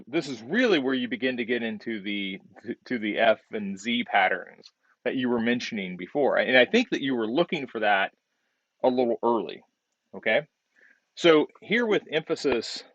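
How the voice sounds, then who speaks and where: A male design instructor giving relaxed feedback on a student's project while demonstrating on screen, often repeating words as he works. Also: on the low side, dry recording, muffled recording.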